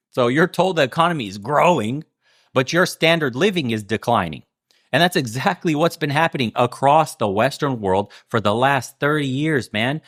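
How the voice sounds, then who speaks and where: A man in mid-rant, hurling sarcastic rhetorical questions and swearing freely. His pitch sits in an ordinary male middle register. The sound is dry and close, with no room echo. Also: fairly bright tone. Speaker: channel host. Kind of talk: political commentary rant.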